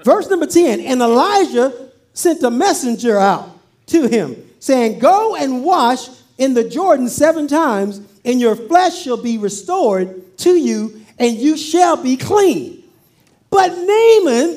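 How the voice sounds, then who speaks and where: A woman's voice: high voice, animated, measured pace, darkish tone. A woman pastor preaching a sermon, playfully acting out scripture with humor.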